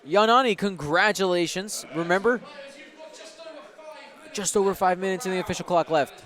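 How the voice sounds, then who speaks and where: This livestream host's voice sits high, a little bright, with a steady tone and moderate pace. He commentates a game tournament, chatting cheerfully with viewers, hyping the chat and running giveaways.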